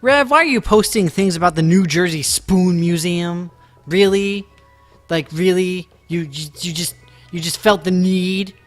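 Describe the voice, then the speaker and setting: Male game streamer, casual and jokey, slightly high voice, soft music underneath. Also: moderate pace. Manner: playful, joking, teasing chat, excitable outbursts. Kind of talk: casual live-stream chat. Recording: faint music behind.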